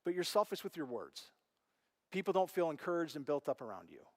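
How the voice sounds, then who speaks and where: A middle-aged male pastor preaching a sermon, telling stories with animated delivery and acting out voices, dropping to a hush and rising again. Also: a little high, a little fast, in a large hall. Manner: animated storytelling, acts out quoted voices, big swings from loud to hushed. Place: church auditorium.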